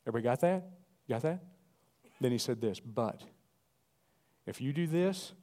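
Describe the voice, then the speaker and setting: Man, pastor, middle-aged, animated sermon, calls to the congregation, warm low timbre, mid pitch. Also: normal speed, pauses often.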